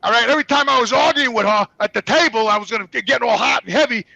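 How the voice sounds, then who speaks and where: A man's voice: extremely high pitch, racing, gravelly, no echo. A man telling a rambling, profane story in casual talk, acting out the people he quotes. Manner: profane, animated, acts out quotes. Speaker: guest.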